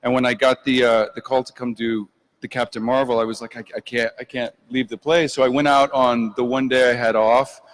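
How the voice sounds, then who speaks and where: A man answering as a guest on a convention panel, soft-spoken and easygoing with hesitant starts. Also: medium pitch, level tone, brisk, long reverb tail. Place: large arena convention stage.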